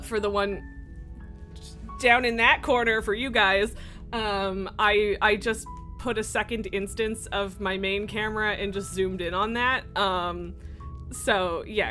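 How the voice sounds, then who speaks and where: Over game music, a young woman with a medium-pitched, pushed and bright voice streams a game. She chats casually, giggles often and uses many fillers.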